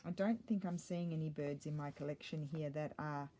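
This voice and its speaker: A woman's voice: low voice, fairly even intonation, moderate pace, dark tone, slight background noise. A middle-aged woman chatting casually while she crafts, thinking aloud and muttering little asides to herself. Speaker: craft vlogger.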